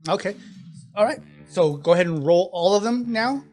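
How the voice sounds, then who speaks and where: Game master guy, kinda high voice, talks through rules step by step. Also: expressive, normal speed, a little mellow, soft background music. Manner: explains rules and scenes step by step. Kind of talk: narrating a tabletop game.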